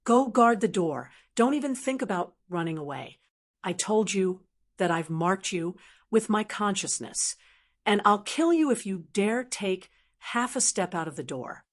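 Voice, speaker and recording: A woman's voice: medium pitch, lively intonation, measured pace. A woman voicing a confident, brash young man who leads his group, read plainly in an audiobook. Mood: commanding. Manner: brash, commanding. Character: confident young male cultivator, group leader. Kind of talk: audiobook character reading.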